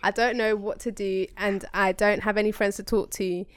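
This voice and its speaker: Smooth-voiced young woman, podcast host. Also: medium pitch, no echo, clean studio sound. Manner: animated, slangy, quick asides. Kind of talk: casual chat, reading a listener email aloud.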